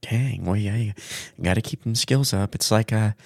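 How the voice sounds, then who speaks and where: A man co-hosting a podcast in whispered role-play, teasing in a soft, put-on relaxing voice with some gravel. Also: lowish voice, moderate pace, dry recording, clean studio sound. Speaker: podcast co-host.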